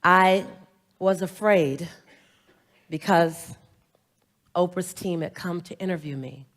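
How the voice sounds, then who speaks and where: A woman's voice: fairly low pitch, slow. A middle-aged woman giving a motivational stage speech, telling stories with humor and drawing the crowd in with call-and-response prompts. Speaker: motivational speaker. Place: stage before a large audience.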